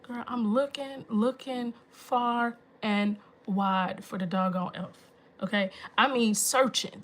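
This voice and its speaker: A woman in her thirties hosting a phone livestream, telling a story to her viewers in an exasperated, animated way with emphatic asides. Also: on the high side, slow. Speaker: livestream host.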